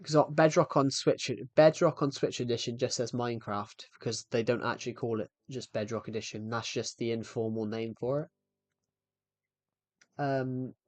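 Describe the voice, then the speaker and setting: A man's voice: medium pitch, steady tone, normal speed, dry recording, faint music behind. Breathless young man streaming a game. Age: 20s. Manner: rambling, restarts sentences, thanks viewers. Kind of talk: casual live-stream chat.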